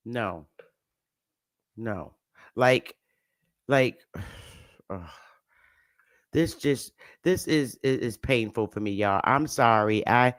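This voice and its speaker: A man's voice: a little high, fairly bright tone, no echo, studio quality. A man hosting a talk show, speaking with impassioned indignation and stammering repeats. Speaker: host. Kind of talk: emotional commentary.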